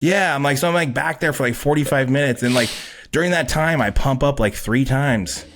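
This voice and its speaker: A man guest on a podcast, telling a story casually, swearing a lot and acting out quotes loudly. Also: medium pitch, a little fast, slight background noise. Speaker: podcast guest, pro bodybuilder.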